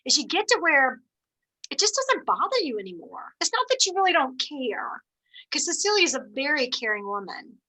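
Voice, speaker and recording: A middle-aged woman leading a team meeting on a video call, telling stories in an animated, encouraging way. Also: sits high, normal speed, rough recording. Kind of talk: motivational team meeting talk.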